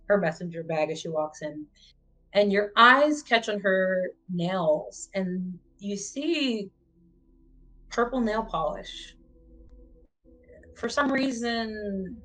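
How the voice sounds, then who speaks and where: A woman game master narrating a tabletop role-playing session. She rambles and pauses on fillers as she describes the scene, her voice at an ordinary middle pitch. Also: a bit bright, poor audio. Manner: rambling, hesitant with many fillers.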